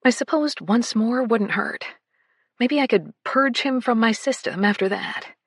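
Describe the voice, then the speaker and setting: Breathy woman narrating a romance audiobook. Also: fairly high pitch, unhurried, no echo, studio quality. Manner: breathy, dropping to whispers. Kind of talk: first-person romance narration.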